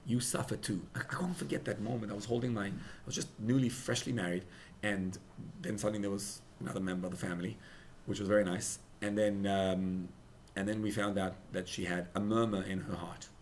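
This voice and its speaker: A young rabbi preaching at a farbrengen, emotional, building to loud emphatic peaks and mixing in Hebrew and Yiddish words. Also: male voice, on the low side, fairly even intonation, a little fast, a little hiss or hum. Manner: mixes in Hebrew and Yiddish terms. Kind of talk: sermon at a farbrengen gathering.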